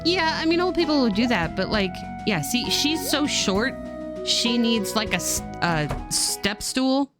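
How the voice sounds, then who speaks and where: Sarcastic lady streaming a farming game, pitch all over the place, cussing, faint music behind. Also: a little slow. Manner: animated, sarcastic, swears. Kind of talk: casual game commentary.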